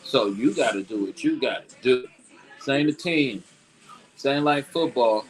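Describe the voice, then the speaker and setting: A middle-aged man, ranting about football on a casual talk show, swinging between low grumbles and loud, high outbursts. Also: animated, measured pace, breathy edge, rough recording. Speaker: show co-host. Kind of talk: casual sports rant.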